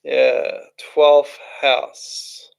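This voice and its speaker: A man's voice: medium pitch, little pitch movement, very slow, vocal fry, clear, resonant tone. A man hosting a livestream, reading out chat comments and answering them in a rambling, casual way. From Australia. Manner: chatty, rambling, thinks aloud with restarts.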